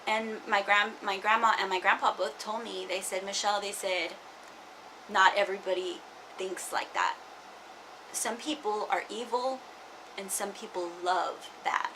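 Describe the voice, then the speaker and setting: A woman's voice: medium pitch, steady tone, measured pace, pushed and bright, a little hiss or hum, rough recording. A young woman vlogging casually, rambling with many fillers and restarts. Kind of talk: casual personal vlog.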